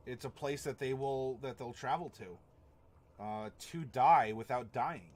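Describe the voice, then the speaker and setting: A man's voice: medium pitch, slow pace. Rambling man hosting a live stream. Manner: rambling, chuckling, reacts to chat. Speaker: stream host. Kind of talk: casual live-stream chat.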